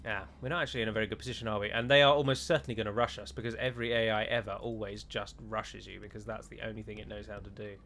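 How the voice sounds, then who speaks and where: A man's voice: lowish voice, fairly even intonation, very fast, hardly any pauses, a bit bright, a little hiss or hum. A man giving joking, rambling let's play commentary on a strategy game, with a sarcastic streak.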